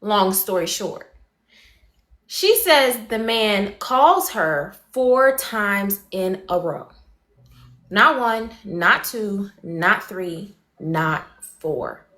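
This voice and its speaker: A woman hosting a livestream, giving her viewers a rapid, animated gossip recap and greeting them between sentences. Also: medium pitch, echoey room. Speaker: livestream host.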